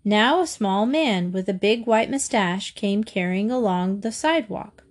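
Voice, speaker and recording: A woman reading a children's chapter book aloud, gentle and expressive. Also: mid-range voice, unhurried. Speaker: audiobook reader. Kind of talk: storybook narration read aloud.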